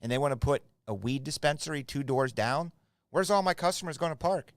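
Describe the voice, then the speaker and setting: A man's voice: fairly high pitch, lively intonation, brisk, no room sound. A middle-aged man hosting a live card break from his shop, chatting casually and rambling to viewers by name. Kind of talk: casual live stream chat.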